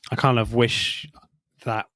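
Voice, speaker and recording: A man's voice: mid-range voice, level tone, slow pace, fairly bright tone, dry recording, studio quality. A man co-hosting a film review podcast in casual chat, chuckling often as he talks. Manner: chuckles often while talking. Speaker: podcast co-host reviewing films.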